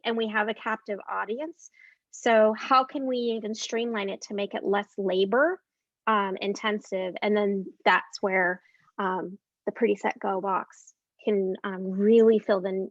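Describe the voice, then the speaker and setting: A woman's voice: medium pitch, no echo. Upbeat woman guest, dull dry sound. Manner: upbeat, many filler ums. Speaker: guest entrepreneur. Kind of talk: casual interview talk.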